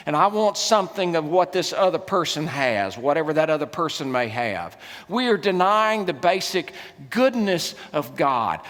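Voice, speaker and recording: A middle-aged man delivers a keynote sermon, his fairly high voice leaping up and down as he jokes and tells stories. He moves from quiet asides to loud, pressing lines. His voice rings out in a large hall with a long reverb. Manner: humorous, animated storytelling with swings in loudness. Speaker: keynote speaker and preacher.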